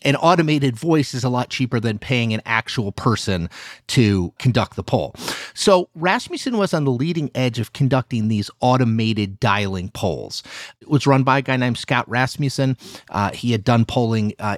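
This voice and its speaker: A man, a journalist guest, explaining things in an animated, emphatic way and hedging with "you know.". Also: medium pitch, normal speed, no echo, clean studio sound. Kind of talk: conversational explanation.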